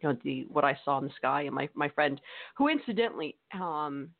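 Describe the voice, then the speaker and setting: A woman's voice: deep voice, animated, fairly quick. A woman co-hosting a podcast in casual chat, teasing and laughing often. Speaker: podcast co-host. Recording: tinny phone-like audio.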